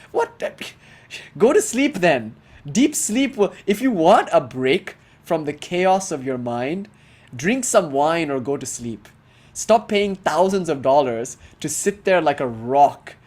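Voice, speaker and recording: A man giving a casual spoken philosophy lesson, playful and emphatic, with joking asides. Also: on the high side. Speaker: philosophy teacher.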